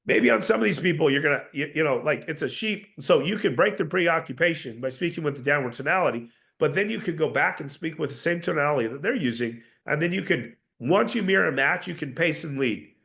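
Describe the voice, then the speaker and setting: A man's voice: a little high, lively intonation, a little fast, creaky, few pauses, a bit bright. A man teaching salespeople in a coaching style, repeating points and demonstrating tones of voice. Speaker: sales trainer. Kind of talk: motivational sales lesson.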